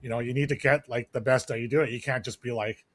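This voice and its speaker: A man co-hosts a podcast in loose, casual chat, rambling through thoughts with plenty of fillers and restarts. His voice sits at a middling pitch and is recorded dry and close, with no room sound. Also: fairly even intonation, fast, fairly bright tone, dry recording. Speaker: podcast co-host.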